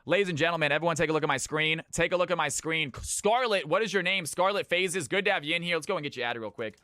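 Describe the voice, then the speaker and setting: Bright-voiced man hosting a live stream. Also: on the high side, no echo. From California. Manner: brisk, swears, talks to chat. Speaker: streamer running viewer games. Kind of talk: casual live-stream chat.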